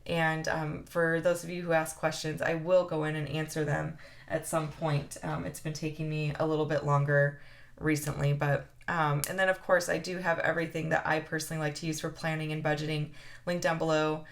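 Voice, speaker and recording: A woman's voice: low-pitched, little pitch movement, fairly quick, creaky. A woman in her thirties chatting heartfelt to camera as a planner vlogger, with lots of fillers. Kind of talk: casual chat to camera.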